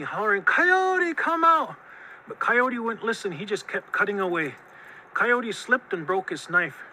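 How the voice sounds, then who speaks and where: A man telling a traditional tale in a lively, expressive way, drawing out the key moments. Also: high-pitched, a little hiss or hum, poor audio. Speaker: storyteller. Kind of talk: oral storytelling of a traditional tale.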